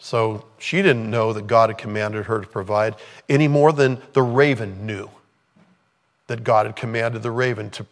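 A man's voice: fairly low pitch, moderate pace, big-room sound. A man preaching a sermon in a conversational way, with playful acted-out asides. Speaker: pastor.

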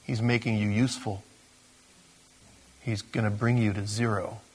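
A man's voice: lowish voice, flat delivery, moderate pace, a little mellow, breathy edge. A man preaching a sermon in a conversational, self-deprecating way, talking to his congregation like friends. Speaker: pastor.

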